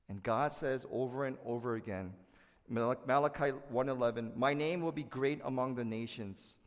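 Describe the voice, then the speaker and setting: Animated male preacher in a reverberant hall. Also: mid-range voice, unhurried. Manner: animated, asks the congregation to respond. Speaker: pastor. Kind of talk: sermon.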